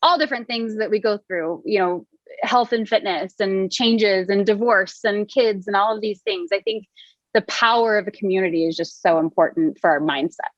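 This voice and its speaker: A chatty woman in her thirties talks through her coaching work with plenty of "you know" and quick laughs. Her voice sits mid-range, recorded dry with a slightly dull, muffled tone. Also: mid-range voice, dry recording. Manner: chatty, laughs often, many fillers. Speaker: wellness coach guest. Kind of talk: casual interview chat.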